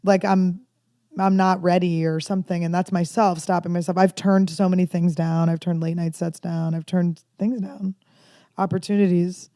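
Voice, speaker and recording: A woman comedian in her thirties telling candid, rambling stories with dark jokes in a casual podcast chat. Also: on the low side, little pitch movement, moderate pace, dry recording, clean studio sound. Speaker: comedian guest.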